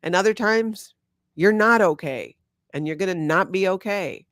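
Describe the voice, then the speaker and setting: A woman's voice: lowish voice, normal speed, a bit bright, no echo, clean studio sound. A woman from Hawaii with a Hawaiian accent touched by Minnesota, chatting casually with viewers on a livestream and laughing often. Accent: Hawaiian with a slight Minnesotan tinge. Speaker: host reading live chat.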